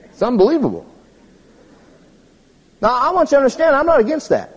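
A man preaching a humorous sermon, telling stories in an animated way and jumping to squeaky high tones for effect. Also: a little fast, slightly rough, long reverb tail, highs cut off.

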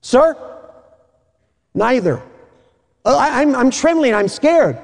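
A squeaky, panicky man's voice pitched far above normal, trembling with fear as a preacher acts him out. It is gravelly at the edges and echoes through a large hall. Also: expressive, takes it slowly, heavily acted. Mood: panicked. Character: terrified novice weatherman on a high wire.

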